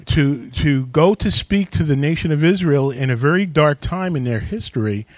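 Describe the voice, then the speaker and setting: A man's voice: fairly high pitch, animated, normal speed, no room sound. Emphatic preacher man, dry close sound. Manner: emphatic, calls on the congregation to respond. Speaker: pastor. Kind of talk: sermon.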